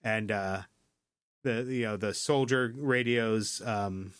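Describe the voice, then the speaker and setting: A man's voice: on the low side, slow, fairly bright tone, clear, resonant tone, no echo, clean studio sound. A man hosting a podcast, retelling a story in a loose, chatty way, cursing freely, asking "right?" often and skipping ahead with "yada, yada". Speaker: podcast host. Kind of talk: casual chat, episode recap.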